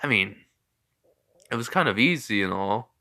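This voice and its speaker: A man voicing a sly male alien symbiote in a homemade fan story, speaking slowly and quietly. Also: lowish voice, lively intonation. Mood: matter-of-fact.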